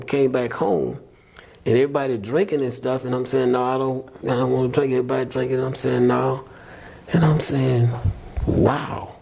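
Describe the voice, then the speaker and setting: A man's voice: mid-range voice, vocal fry, mellow, breathy edge. A man as a podcast guest, telling his faith testimony in an earnest, reflective, conversational way and acting out what people said. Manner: earnest, reflective, retells scenes by voicing people.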